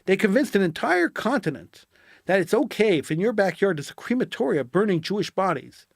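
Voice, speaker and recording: Fired-up guy ranting on his own, bit high voice, dry close sound. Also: very animated, a little fast, vocal fry, dry recording. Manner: impassioned, indignant, repeats phrases for emphasis. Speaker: political commentator. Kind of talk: solo commentary monologue.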